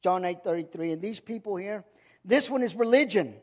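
A man preaching a sermon with passion, repeating phrases and swinging between loud outbursts and hushed lines. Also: high-pitched, expressive, brisk.

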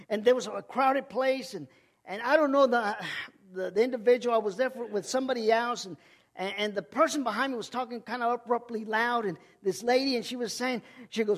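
High-voiced male preacher, impassioned sermon delivery, repeats lines, loud-to-hushed swings.

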